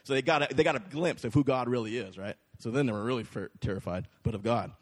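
A man's voice: mid-range voice, quick pace. A man preaching a sermon to a congregation, talking in a casual, conversational way and often asking "right?". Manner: conversational, checks in with the crowd with frequent "right?". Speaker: pastor. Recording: long hall reverb.

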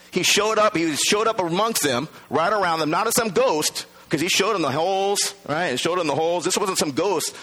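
Pastor guy, high voice, chatty sermon, acts out the quotes. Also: breathy edge. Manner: conversational, acts out quoted voices, rising to shouts.

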